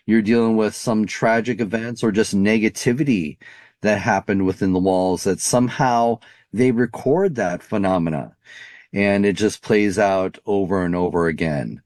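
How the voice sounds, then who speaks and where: A man's voice: on the low side, a little mellow, no room sound. A man answering interview questions in a thoughtful, searching way, full of "you know" and "um". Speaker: paranormal investigator guest.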